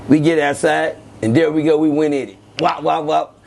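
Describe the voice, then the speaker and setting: A man telling old street stories as an interview guest, animated and acting out quoted voices. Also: moderate pace, vocal fry, a little hiss or hum. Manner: animated, acts out quoted voices with sudden pitch jumps. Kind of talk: casual storytelling.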